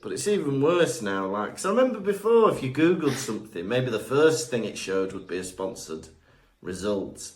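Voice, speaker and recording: A man's voice: mid-range voice, big pitch swings, normal speed, reverberant. A man co-hosting a podcast in casual chat, wry and teasing. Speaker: podcast co-host.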